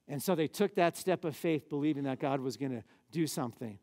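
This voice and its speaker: A man, a pastor, preaching a lively sermon in a church with casual, conversational asides. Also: fairly high pitch, fairly quick, few pauses.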